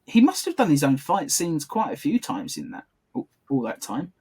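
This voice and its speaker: A man's voice: on the high side, huge pitch swings, moderate pace, a little mellow, breathy edge. Chatty man on a video call. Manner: chatty, self-correcting, laughs often. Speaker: podcast co-host. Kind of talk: casual commentary chat.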